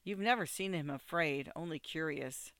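Guy reading an audiobook, bright clear voice, dead dry studio. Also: on the high side, normal speed, no room sound. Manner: steady, second-person storytelling. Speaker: narrator. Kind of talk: audiobook narration.

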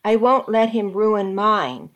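A woman's voice: mid-range voice, lively intonation, slow, a bit bright, highs cut off. A woman voicing an angry, controlling husband in a read-aloud story, in a harsh scolding tone.

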